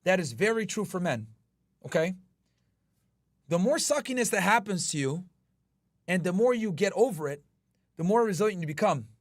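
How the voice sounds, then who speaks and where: A man hosting a podcast stream, giving a profane, emphatic motivational rant that builds toward shouting. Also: high voice, lively intonation, moderate pace, long pauses, dry recording, studio quality. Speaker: podcast host.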